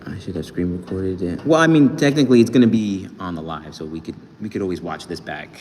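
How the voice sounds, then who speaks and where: Young male streamer, low-ish casual voice, echoey gym hall. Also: quick pace, warm tone. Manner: loose, rambling, hypes and thanks viewers. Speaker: livestreamer and rapper. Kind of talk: casual livestream chat reading comments. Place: indoor gym. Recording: echoey gym room, faint background noise.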